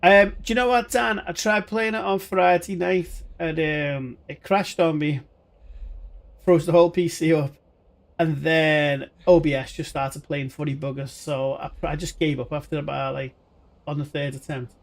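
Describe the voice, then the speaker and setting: Chatty gamer on a stream, raised pitch and gravelly fry, rambles to chat. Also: male voice, fairly even intonation, normal speed. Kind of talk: live gaming stream commentary.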